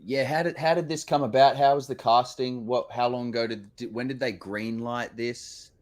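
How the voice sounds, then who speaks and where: A mid-pitched man co-hosting a casual stream. He is playful and eager, firing off questions to his guest. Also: steady tone, normal speed. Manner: playful, reads out viewer names. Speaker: co-host. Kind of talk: casual podcast chat.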